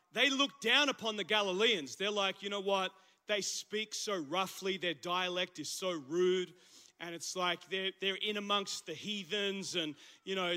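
A man with an Australian accent preaching a casual, animated sermon in church, his voice husky from the flu. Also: high-pitched. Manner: conversational, animated preaching with slang asides. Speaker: pastor. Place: church service.

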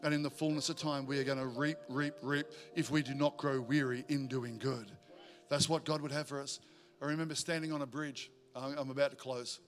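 A male pastor, preaching a sermon in a church in a joking, energetic way. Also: mid-range voice, brisk, soft background music. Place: church auditorium.

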